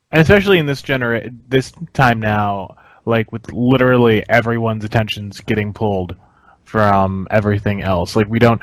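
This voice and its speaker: A man's voice: mid-range voice, no echo, rough recording. Reflective man speaking in a dry recording. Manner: reflective, halting, searches for words. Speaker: podcast co-host. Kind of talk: casual conversation.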